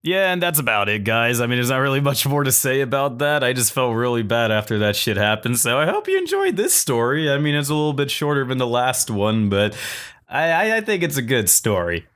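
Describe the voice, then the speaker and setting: A young man from Virginia telling a profane, self-mocking storytime, switching into animated voices for the people in it. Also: mid-range voice, a little fast, clear, resonant tone. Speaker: storytelling vlogger. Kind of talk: casual storytime monologue.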